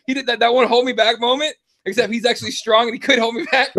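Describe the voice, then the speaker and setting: Podcast host, thirties, high male voice, profane rambling storyteller. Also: steady tone, quick pace, hardly any pauses, fairly bright tone. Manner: profane, rambling, lots of fillers. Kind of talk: casual chat, storytelling.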